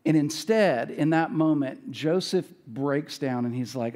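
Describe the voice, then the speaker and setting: A male pastor preaching a casual, conversational sermon, retelling scripture with folksy asides and quick self-corrections. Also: on the high side, expressive, a little mellow. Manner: retells scripture casually, acts out characters' lines.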